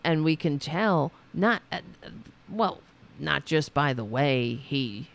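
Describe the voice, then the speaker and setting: Indignant, sarcastic woman host, very animated pitch. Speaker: political commentary host. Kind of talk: livestream commentary reacting to clips.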